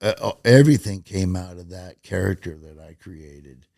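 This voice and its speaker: A middle-aged stand-up comedian tells stories casually in an interview, animated and acting out quotes in raised voices. His voice is low with vocal fry, at a normal speed, and the studio sound is clean with no room sound.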